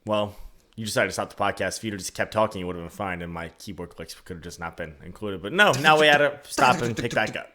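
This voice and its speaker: A man co-hosting a podcast in casual banter, joking with a deadpan sense of wordplay. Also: fairly low pitch, fast talker. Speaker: podcast co-host.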